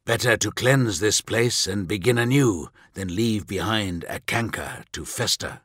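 A man's voice: on the low side, unhurried, a bit bright, husky, dry recording, clean studio sound. A man voicing a stern, blunt male warlord.

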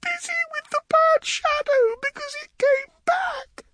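A woman's voice: extremely high pitch, big pitch swings, takes it slowly, vocal fry, heavy background noise, voice pushed up, full character voice. A wailing tearful little girl. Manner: wailing, pleading. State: crying.

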